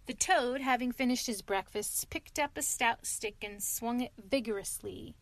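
A woman narrating a classic animal story in a calm, measured reading voice. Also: fairly high pitch, no echo.

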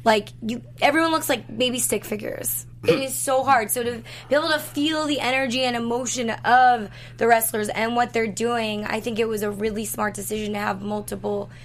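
A woman's voice: fairly high pitch, fairly even intonation, moderate pace, few pauses. A woman co-hosting a podcast, making an emphatic point in casual chat. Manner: emphatic, conversational.

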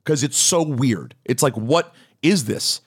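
A man co-hosting a podcast, chatting casually about wrestling in a blunt, opinionated, animated way with emphatic repeats. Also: mid-range voice, takes it slowly, breathy edge. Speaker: podcast co-host.

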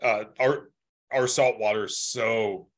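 Low-voiced joking podcast host. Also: male voice, steady tone, slow. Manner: easygoing, joking, loose phrasing. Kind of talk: casual chat.

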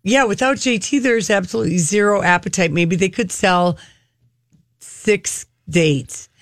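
A woman's voice: mid-range voice, measured pace, no echo, studio quality. A woman co-hosting a radio show, chatting casually and giving strong opinions. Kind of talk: casual chat.

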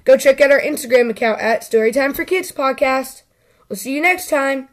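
A woman hosting a children's story show, reading a story aloud in a deliberate storytelling manner. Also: high-pitched, lively intonation. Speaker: host.

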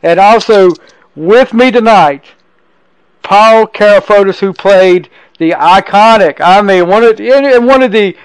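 A man's voice: high voice, measured pace, smooth, no echo, poor audio. A man hosting a podcast from home, talking eagerly in casual interview style with frequent restarts. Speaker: podcast host. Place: home in a tiny town.

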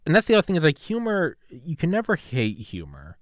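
A man's voice: a little high, huge pitch swings, a little fast, dry recording, clean studio sound. A man hosting a podcast, chatting in a rambling, laid-back way with lots of fillers. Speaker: podcast host. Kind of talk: casual chat.

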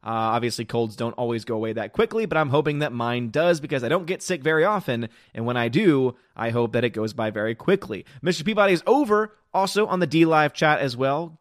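A man's voice: medium pitch, no room sound, clean studio sound. A man hosting a live stream, sarcastically greeting viewers and reading chat while fighting a cold.

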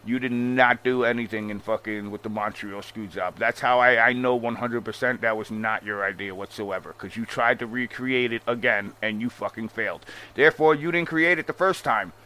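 A man ranting casually about wrestling history in a profane, animated and sarcastic manner. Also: medium pitch, normal speed, hardly any pauses. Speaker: wrestling commentator. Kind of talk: casual rant.

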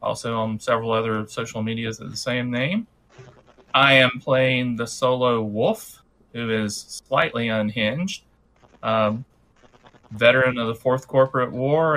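A man player introducing himself on a game stream, relaxed and wry. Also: medium pitch, a little slow, poor audio. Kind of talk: casual game-stream chat.

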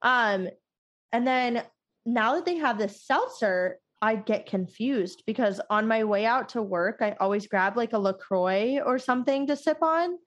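A woman's voice: on the high side, expressive, a little slow, lo-fi sound. A young woman hosting a casual podcast chat, rambling with lots of fillers and frequent laughter. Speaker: podcast host.

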